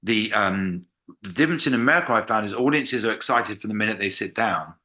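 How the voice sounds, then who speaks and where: Fast, bright-voiced English comedian. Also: male voice, fairly low pitch. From England. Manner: animated storyteller, acts out quotes. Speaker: comedian guest. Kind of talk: casual podcast conversation.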